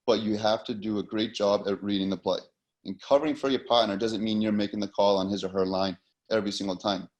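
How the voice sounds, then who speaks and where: Speaking fast in a steady, lowish tone, this American man teaches hockey linesman positioning. He's an officiating instructor whose relaxed delivery leans heavily on fillers and repeated words.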